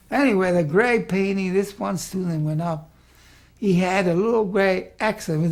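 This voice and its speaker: Older man, gravelly and a bit husky, rambling oral-history storyteller who leans on "see". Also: a little high. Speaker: former art school president. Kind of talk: archival oral history interview.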